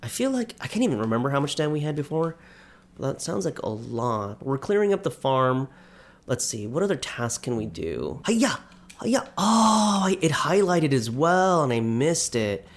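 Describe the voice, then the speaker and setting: A man's voice: mid-range voice, very animated, moderate pace. Chatty self-mocking man gaming. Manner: chatty, self-deprecating, talks to viewers. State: out of breath. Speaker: let's play gamer. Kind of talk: casual gameplay commentary.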